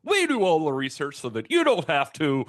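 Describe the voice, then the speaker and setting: A man putting on a high, lisping puppet-style character voice to deliver a show intro. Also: wildly swooping pitch, normal speed, a bit bright. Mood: cheery. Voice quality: lisp. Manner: high, bouncy showman delivery.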